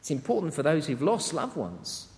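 A man with a high, light voice preaches a sermon in an earnest, measured way, leaning hard on short emphatic words. His voice rings out with a long reverb, as if filling a large church. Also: huge pitch swings, creaky, darkish tone. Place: church to an international congregation.

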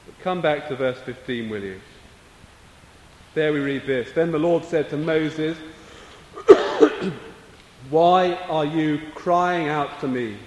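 A man preaching a sermon, slow and measured, coughing now and then. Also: a little high, a little hiss or hum. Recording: echoey hall, voice from a distance.

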